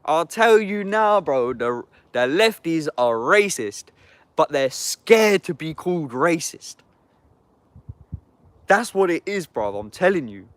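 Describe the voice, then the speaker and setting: A man's voice: fairly high pitch, big pitch swings, slow, no echo. A young man with an English accent, delivering an angry, profane monologue to camera. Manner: angry, profane, heavy use of slang address.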